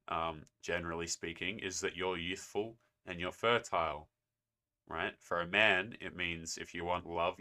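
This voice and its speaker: A man's voice: low voice, bright, forceful tone. A young man hosting a response video, talking in a sarcastic, lecturing way. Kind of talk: casual commentary.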